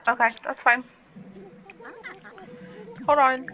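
A woman's voice: sits high, steady tone, takes it slowly, dull audio. A woman giving casual gameplay commentary, chatting to her game characters and slipping into baby talk. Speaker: game streamer.

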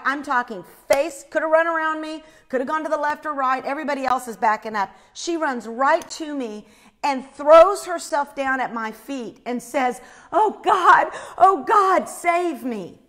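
A woman telling a personal faith story in an animated way, acting out the screams she describes. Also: on the high side.

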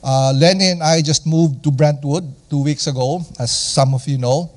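A man from the Philippines with a Filipino accent, preaching a lively, conversational sermon and asking the audience questions. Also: on the high side, moderate pace.

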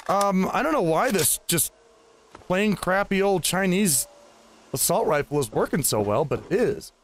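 Gaming host, man, slightly high voice, chatty and rambling as he plays, faint background hiss. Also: expressive, moderate pace. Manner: rambling, chats to enemies. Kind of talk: casual game commentary.

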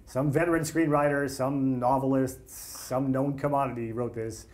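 A man, a screenwriter guest on a talk show, telling animated anecdotes with quotes acted out in a casual chat. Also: mid-range voice, normal speed. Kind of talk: casual storytelling.

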